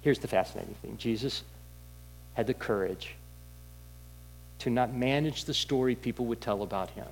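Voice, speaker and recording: A man preaching a sermon in a candid, conversational storytelling way, with halting restarts. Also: medium pitch, gravelly, a little hiss or hum, rough recording. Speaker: pastor.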